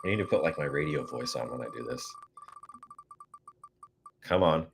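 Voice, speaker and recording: A man's voice: a bass voice, moderate pace, gravelly, background noise. A man casually hosting a live-stream prize giveaway, goofy and chatty, reading out codes and talking to viewers.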